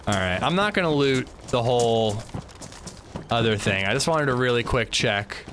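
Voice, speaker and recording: Lively joking man streaming a game. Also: mid-range voice, moderate pace, slight background noise. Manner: animated, joking storytelling. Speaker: gaming livestream host. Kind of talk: casual chat while playing.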